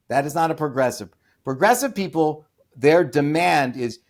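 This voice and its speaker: A man speaking as an interview guest in an opinionated conversation, emphatic, often repeating and restarting phrases, with sudden rises in pitch and loudness. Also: expressive, normal speed, hardly any pauses.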